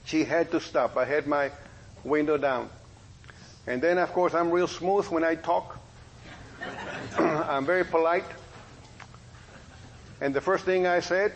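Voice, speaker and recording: A middle-aged man, a preacher and police officer, telling a testimony in a sermon as a folksy story with lively quoted dialogue. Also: a little high, measured pace, long pauses, a little hiss or hum, poor audio.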